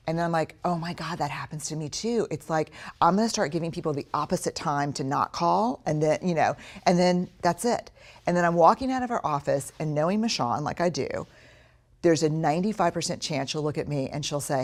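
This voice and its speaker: Woman, low voice, frank storytelling talk, lively, acts out her inner thoughts. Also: normal speed. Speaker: speaker on courage and leadership.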